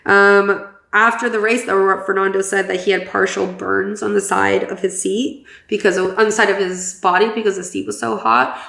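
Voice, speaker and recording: A young woman chatting through a race recap on a podcast, loose and animated, tossing in fillers as she goes. Her voice carries a gravelly fry. The room sounds echoey around her. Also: medium pitch. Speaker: podcast co-host. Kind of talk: casual race recap chat.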